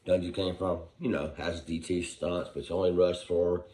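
A man's voice: deep voice, flat delivery, moderate pace, darkish tone. A man ranting about football, heated and profane, firing off rhetorical questions while hungover. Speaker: football commentator. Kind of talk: profane sports rant.

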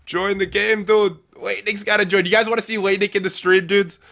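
Man, livestream game host, bright forceful voice, slightly high pitch, energetic, repeats phrases. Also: brisk, creaky, few pauses. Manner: energetic, repeats phrases, calls viewers dudes and guys. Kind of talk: live let's-play commentary reading chat.

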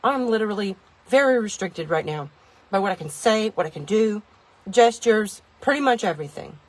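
A woman's voice: medium pitch, lively intonation, moderate pace. A woman reviewing a kitchen gadget from inside her car, rambling and joking at her own expense as she talks to viewers. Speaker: product reviewer. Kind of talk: casual product review vlog.

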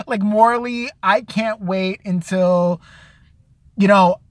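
A man's voice: sits high, slow, no room sound. A man hosting his own show, delivering a crude, sarcastic comedic rant and slipping into mocking impressions of other people. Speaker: show host.

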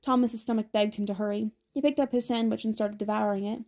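Woman narrator, audiobook reading, gravelly, mellow dark tone. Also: on the high side, fast. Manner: steady, even storytelling with small slips.

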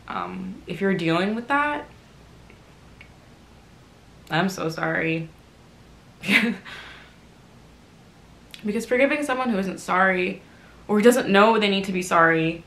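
A young woman records a candid vlog at home, sounding teary as she recovers from crying, yet her low, gravelly voice comes across bright and forceful. She's emotional and open, swinging from quiet reflection to loud bursts of self-mockery. Her echoey room rings, with slight background noise.

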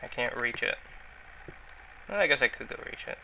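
A man's voice: mid-range voice, animated, normal speed, creaky, bright, forceful tone, a little hiss or hum, poor audio. A man giving rambling, self-mocking commentary while he plays a video game, often mumbling to himself. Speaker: gaming YouTuber. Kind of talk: casual Let's Play commentary.

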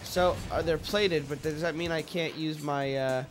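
A man's voice: a little high, steady tone, moderate pace, over music. A young man hosting a let's play, commentating with jokes, swearing and sudden yelps at the game. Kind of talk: gameplay commentary.

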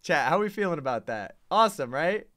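Excitable, bright-voiced male gaming streamer. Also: on the high side, fast, dry recording, studio quality. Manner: excitable, chatty, addresses chat. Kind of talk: live reaction commentary.

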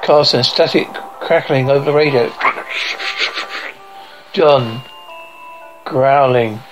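A woman's voice: very deep voice, slow pace, music in the background, rough recording. A woman reading a horror show transcript aloud, sound cues included, acting out screams and gasps between the lines.

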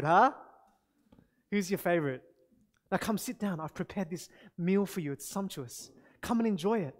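A man playing a smug young boy who flatters his parents with coaxing questions, as part of a sermon illustration. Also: high-pitched, lightly acted. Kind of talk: sermon illustration role-play.

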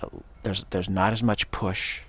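A man's voice: lowish voice, level tone, unhurried, fairly bright tone, husky. A man giving a solo spoken commentary, rambling earnestly and often repeating and restarting his phrases. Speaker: channel host.

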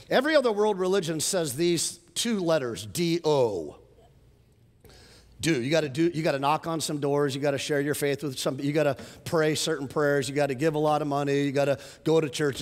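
A middle-aged man preaching a sermon as pastor, telling stories in an animated way and rising to emphatic points. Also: a little high, brisk. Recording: long hall reverb.

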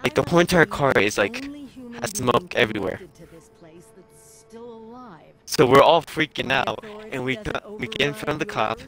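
Young man, streamer, casual storytelling, bright voice, mid pitch, rambling. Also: big pitch swings, moderate pace, pauses often, faint music behind, rough recording. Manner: rambling, with many filler likes and chuckles.

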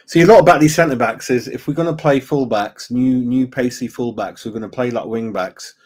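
A man's voice: medium pitch, fairly quick. A man hosting a casual fan live stream, chatting loosely, greeting viewers by name and saying "mate" a lot. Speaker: fan channel host.

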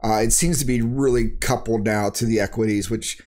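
A man's voice: on the low side, steady tone, moderate pace, a little mellow. A man recording a crypto vlog, talking in a blunt, worked-up rant full of slang and sound effects. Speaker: crypto YouTuber. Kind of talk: ranting market commentary vlog.

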